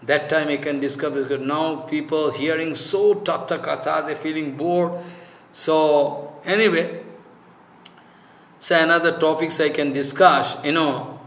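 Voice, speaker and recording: High bright man preaching. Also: fairly even intonation, reverberant. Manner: informal halting English with frequent "you know" fillers; emphatic, repeats key phrases. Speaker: spiritual teacher. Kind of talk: devotional scripture discourse.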